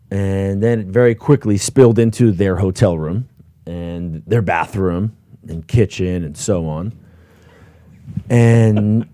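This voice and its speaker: A man with a low, deep voice tells war stories in a relaxed, profane way. He laughs often and stumbles over repeated words. The sound is close and dry. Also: no echo. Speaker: host, former platoon lieutenant. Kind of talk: casual war storytelling.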